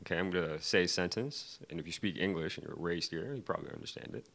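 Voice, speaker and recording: A man's voice: low voice, expressive, fast talker, vocal fry, hardly any pauses, a bit bright. A young man doing a loose, crowd-baiting stand-up set on a comedy club stage, laughing between his lines. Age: young adult.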